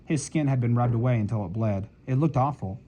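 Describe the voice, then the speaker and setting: A man reading a novel aloud as an audiobook narrator, in measured storytelling. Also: mid-range voice, dark tone, low-quality recording. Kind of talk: scripted narration.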